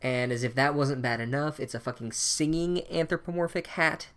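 A man's voice: on the high side, moderate pace, fairly bright tone. Sarcastic, ranting man recapping a book. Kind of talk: profane comedic recap.

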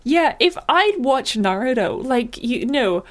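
A woman's voice: high voice, expressive, takes it slowly. A woman chatting on a podcast in a wry, rambling way, often correcting herself. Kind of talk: casual podcast chat.

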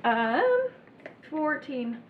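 A woman plays a tabletop game, thinking aloud with "um" before each move. Her voice is a little high. She is far from the mic in an echoing room, with clear background hiss. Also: very animated, extremely slow, narrow, tinny audio. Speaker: player. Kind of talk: casual tabletop game play. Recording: distant, echoey, noisy mic.

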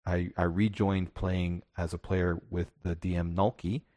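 A man's voice: low voice, flat delivery, measured pace, dark tone, dry recording. A male podcast co-host chatting casually and reflectively about tabletop games, often restarting his sentences.

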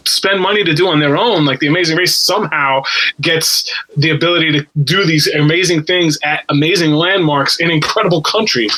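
Brief: male podcast host, bright edgy tone, upbeat and chatty. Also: fairly high pitch, brisk, rough recording. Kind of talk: casual recap chat.

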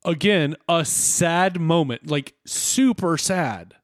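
A man co-hosting a podcast, recapping an episode in playful, animated chat. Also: on the high side, dry recording, clean studio sound. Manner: animated, playful, quick to laugh. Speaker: podcast co-host.

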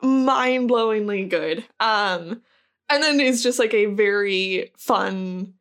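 A woman's voice: medium pitch, slow, fairly bright tone. A woman co-hosting a podcast, chatting casually about movies, with lots of fillers and laughter. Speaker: podcast co-host. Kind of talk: casual chat.

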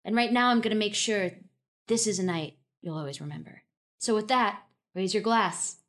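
A woman's voice: mid-range voice, moderate pace, close to an everyday voice. A woman voicing a showy, cocky teenage boy knight with a swaggering manner, in a tabletop game.

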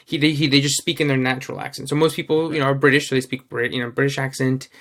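A podcast co-host chats casually in a medium-pitched, fairly bright voice, talking fast with flat delivery. He rambles with many fillers and restarts and swears freely.

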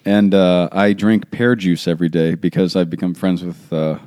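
Deep-voiced, mellow American man chatting. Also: moderate pace, no echo, clean studio sound. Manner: relaxed, chatty storytelling with fillers. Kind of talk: casual chat. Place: in Rome, Italy.

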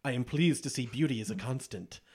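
A man doing a brief impression of a flattering, sly evil male genie, dropping his voice and drawing out the lines. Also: medium pitch, brisk, husky. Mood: seductive. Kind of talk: quick impression in casual chat.

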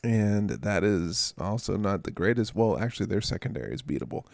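A man hosting a casual podcast, loose and rambling, joking at his own expense. His voice has a steady gravelly fry, recorded close and dry with no room sound. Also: lowish voice, fairly quick, no echo. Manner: rambling, jokey, self-mocking. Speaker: podcast host. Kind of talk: casual chat.

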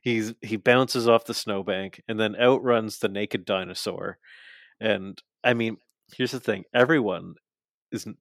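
A man co-hosting a podcast, casually recapping a wrestling show and mocking the wrestlers' lines in quick asides. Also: on the low side, fairly even intonation, vocal fry, no room sound. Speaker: podcast co-host.

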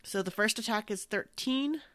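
A woman's voice: medium pitch, a bit bright, dry recording. A woman playing in a tabletop game, calling out rolls and damage, murmuring while she looks things up. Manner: brisk dice numbers, mumbles while looking things up. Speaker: player.

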